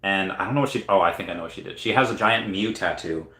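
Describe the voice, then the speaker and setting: A man's voice: low-pitched, fast, bright, forceful tone. A man hosting a casual livestream giveaway, playfully reading viewer comments aloud and now and then breaking into silly singing. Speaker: livestream host running a chat giveaway. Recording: echoey room.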